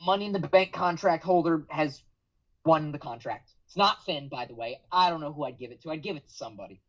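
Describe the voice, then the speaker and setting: A podcast guest with a brisk, slightly bright voice on the high side tells a long, dramatic story, acting out other people's lines and swearing at times. The podcast audio is dull and lo-fi.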